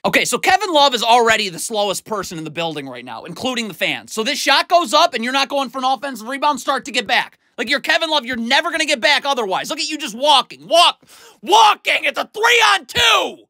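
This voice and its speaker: A man's voice: very high-pitched, very animated, fast, few pauses, bright, forceful tone, dry recording. A man doing a blunt, exasperated video breakdown of basketball defense, scolding the players as he talks. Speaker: basketball film analyst.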